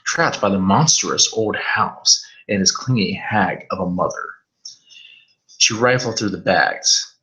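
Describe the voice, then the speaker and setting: A man's voice: low-pitched, unhurried, sharp tone, rough recording. A man reading a horror story aloud on a live stream, stumbling over words now and then and swearing in asides.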